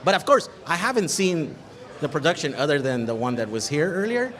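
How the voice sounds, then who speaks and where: A man's voice: on the high side, very animated, a little fast, a bit bright. A man speaking as a guest in casual chat at a live event, frank and chatty, laughing often. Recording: crowd chatter behind.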